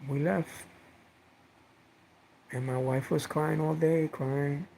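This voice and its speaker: Middle-aged guy vlogging at home, gravelly voice sitting kinda high, rambly and heartfelt, says the same thing twice. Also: fairly even intonation, slow pace, warm tone, a little hiss or hum, rough recording. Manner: rambling, heartfelt, repeats words with many fillers. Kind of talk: casual personal storytelling.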